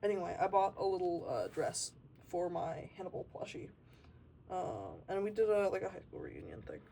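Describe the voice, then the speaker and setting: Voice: mid-range voice, big pitch swings, moderate pace, vocal fry, warm tone, slight background noise. A young adult artist giving a casual, rambling tour of a sketchbook and swearing freely along the way.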